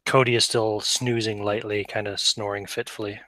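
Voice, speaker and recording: A man's voice: fairly low pitch, level tone, moderate pace, sharp tone, dry recording. A man as game master, explaining the scene in an easygoing, casual way over a video call. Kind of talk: casual tabletop game talk.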